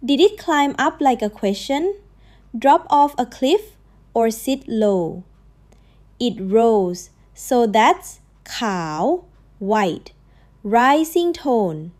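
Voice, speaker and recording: A woman with a slightly high, mellow voice teaches a tone drill. She speaks slowly and patiently, drawing out each example word. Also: expressive. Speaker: Thai language teacher. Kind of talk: tone drill lesson.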